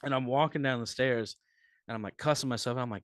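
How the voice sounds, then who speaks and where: A man's voice: medium pitch, fairly even intonation, fast talker, fairly bright tone, dry recording, studio quality. A man who is a comedian, chatting casually on a podcast as a guest and telling rambling, profane stories.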